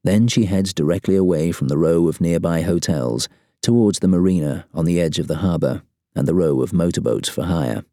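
A man reads a thriller audiobook in a very low, mellow voice. His delivery is steady and even-paced. The recording is dry and close to the mic. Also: moderate pace, dry recording. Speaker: audiobook narrator. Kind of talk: scripted narration.

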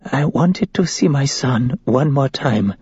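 Man putting on a cracked old woman's whisper, high and wavering, storybook, muffled dry sound. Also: unhurried, creaky, darkish tone, husky, exaggerated voice. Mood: wailing.

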